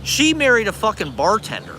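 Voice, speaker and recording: A man's voice: high voice, wildly swooping pitch, fairly quick, bright, forceful tone, slight background noise. A man in his forties live streaming outdoors on a city street from a handheld phone, ranting in a rambling, profane, sarcastic and self-deprecating way. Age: 40s. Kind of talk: casual live stream rant.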